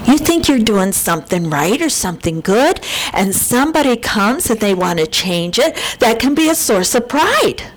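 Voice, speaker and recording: A woman's voice: on the high side, sing-song, normal speed, low-quality recording. A woman from Buffalo, New York, preaching a sermon at a church and telling a humorous personal story with frequent laughter. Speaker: speaker at a church service. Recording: noticeable background noise.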